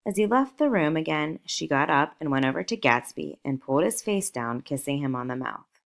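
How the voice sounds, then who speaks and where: A woman narrating a novel aloud in a measured, expressive storytelling manner. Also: sits low, gravelly. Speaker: audiobook narrator.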